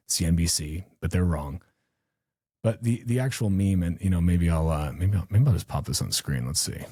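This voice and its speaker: A man's voice: low-pitched, mellow, slightly rough, no echo, clean studio sound. A man hosting a podcast, rambling in a casual, profane and self-mocking live-stream monologue. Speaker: podcast host.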